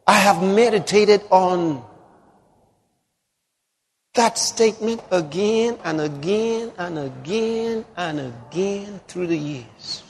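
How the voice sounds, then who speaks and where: Male preacher, high lively voice, slow and emphatic, fervent sermon. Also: long reverb tail, slight background noise. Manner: emphatic, rising to fervent exclamation.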